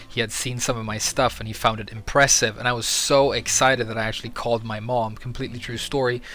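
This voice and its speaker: A young adult man talking casually about the gaming community, rambling with many filler pauses. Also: mid-range voice, flat delivery, bright, forceful tone. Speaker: Tekken YouTuber. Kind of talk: casual monologue.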